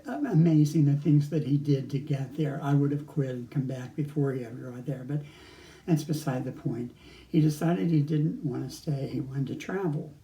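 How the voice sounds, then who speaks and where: A man's voice: medium pitch, normal speed, dark tone. An older man casually recounting travel memories, rambling with frequent restarts and chuckles. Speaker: storyteller. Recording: echoey room.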